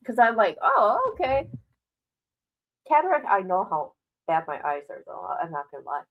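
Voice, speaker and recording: A woman's voice: on the low side, big pitch swings, a little fast, highs cut off. Candid older woman rambling on a stream. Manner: candid, rambling, swears freely; worried yet laughing it off. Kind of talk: casual livestream chat.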